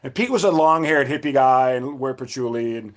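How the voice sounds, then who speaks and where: A middle-aged man on a podcast tells a lengthy, relaxed tale at a brisk clip, jumping sharply in pitch to act out the characters he quotes.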